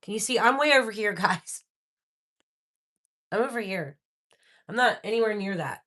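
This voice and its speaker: Excitable woman on a live stream, talking to her viewers, bright tense tone. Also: mid-range voice, normal speed. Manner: excitable, talks straight to viewers. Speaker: live-stream host running a spirit box session. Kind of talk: live-stream paranormal session chat.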